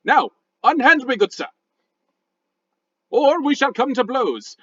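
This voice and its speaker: A man's voice: very high-pitched, expressive, slow pace, fairly bright tone, breathy edge, highs cut off, voice pushed up, full character voice. A man voicing a prissy, easily offended male rock that speaks in a posh British accent with stuffy, old-fashioned phrasing, in a tabletop game. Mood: pompous.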